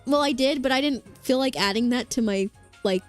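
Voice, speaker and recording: A bubbly woman streaming and chatting casually with her viewers, her voice pitched a little high. She rambles along with plenty of fillers and restarts, and quiet music plays underneath. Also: brisk. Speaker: vtuber streamer. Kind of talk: casual chat with live chat. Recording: faint background music.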